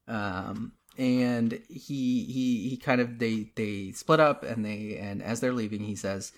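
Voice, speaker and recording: A man's voice: on the low side, steady tone, slow, few pauses. A man co-hosting a casual podcast, earnestly retelling comic scenes with many restarts and fillers. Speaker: podcast co-host.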